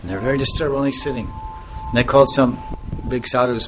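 A man's voice: medium pitch, steady tone, brisk, a little hiss or hum. A man teaching as a spiritual teacher in a casual devotional talk, often chuckling, restarting sentences and acting out little scenes in voices. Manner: acts out voices in anecdotes.

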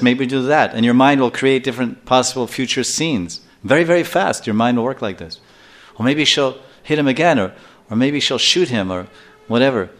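An older man giving a scripture class lecture as a spiritual teacher, telling stories in a lively way and acting out little scenes. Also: mid-range voice. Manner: animated storyteller who acts out scenes and chuckles often.

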